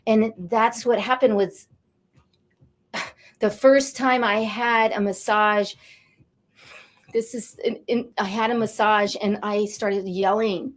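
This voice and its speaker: A woman in her late fifties, a guest on a talk show, telling her life story in an animated, emotional way. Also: medium pitch, slow pace, pauses often. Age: 50s. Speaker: guest, energy coach. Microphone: studio or video call mic.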